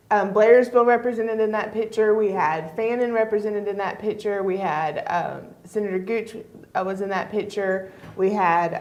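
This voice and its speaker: A chatty woman, talking as a guest in a casual TV segment. She laughs easily and pads her sentences with ums. Her voice sits at a middle pitch. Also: a little mellow, highs cut off. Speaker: chamber of commerce guest. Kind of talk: casual chat. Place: TV studio.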